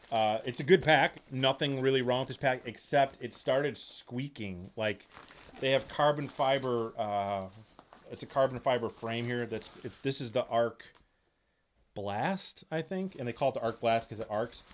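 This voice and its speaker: A man hosting a casual live-stream Q&A from home, talking fast and jumping between thoughts as he reads viewer comments aloud and reacts to them. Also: medium pitch. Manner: rapid, rambling, jumps between thoughts. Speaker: host of outdoor gear channel.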